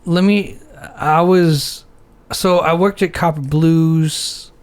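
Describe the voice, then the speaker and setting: A laid-back man with a fairly high voice chats on a casual podcast. He drops short jokes and brief asides, then tells his own story at an easy pace. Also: steady tone, slow pace, clear, resonant tone. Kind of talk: casual chat.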